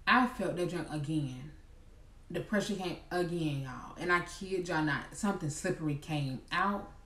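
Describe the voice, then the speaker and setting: A young woman telling a storytime vlog in an animated, chatty way. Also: sits low, normal speed. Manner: chatty, animated, addresses viewers as y'all. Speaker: vlogger. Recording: echoey room, mic at a distance.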